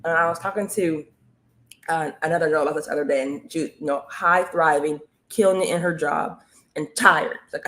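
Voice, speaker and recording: A woman coaching viewers on a live stream, energetic and repetitive, often urging them to comment and follow. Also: low-pitched, normal speed. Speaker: online business coach hosting a live stream. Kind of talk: motivational live-stream talk.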